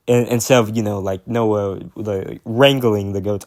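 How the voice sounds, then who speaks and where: A man's voice: on the low side, fairly even intonation, unhurried, dry recording, clean studio sound. A man rambling casually about music, with lots of fillers, restarts and swearing. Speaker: music commentator.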